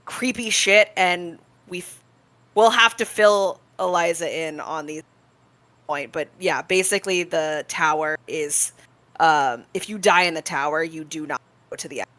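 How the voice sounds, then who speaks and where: Bright-voiced woman gamer rambling through lore, swears a lot, dry close mic. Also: sits low, measured pace, no room sound. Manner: chatty, rambling, swears casually. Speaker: player. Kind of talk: casual game chat explaining lore.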